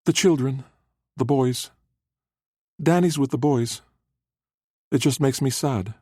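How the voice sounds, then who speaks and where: A man reading an audiobook, voicing a timid, tender-hearted young woman in a soft, apologetic way. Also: mid-range voice, takes it slowly, dry recording, studio quality, pitched above the performer's own voice. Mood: quiet. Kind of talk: audiobook character voice.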